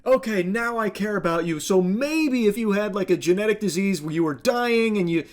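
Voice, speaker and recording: A man's voice: sits high, lively intonation, moderate pace. A man delivering critical video commentary in a sarcastic, scolding tone. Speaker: commentary YouTuber.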